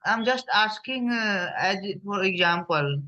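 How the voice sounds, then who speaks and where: A man's voice: sits high, animated, unhurried, pushed and bright, distant mic, lo-fi sound. A male student speaking in an online class, hesitant and polite, filling gaps with "uh" and addressing the teacher as "ma'am". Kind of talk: casual class chat. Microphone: video call.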